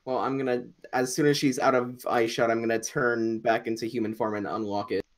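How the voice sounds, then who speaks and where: A man playing in a tabletop game, casual and quick to laugh. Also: medium pitch, flat delivery. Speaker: player.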